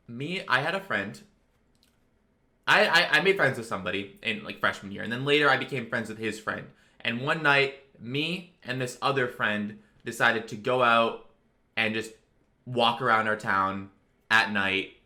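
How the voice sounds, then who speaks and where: Rambling young man with a bright voice. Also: medium pitch, moderate pace. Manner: rambling, filler-heavy, lots of "like". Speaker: storytelling video creator. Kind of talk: casual storytime vlog.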